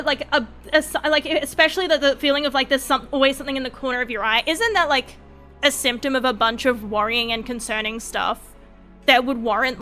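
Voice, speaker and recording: Bright, high-voiced tired young woman streamer. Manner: rambling, animated storytelling with many fillers. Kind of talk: casual late-night stream chat.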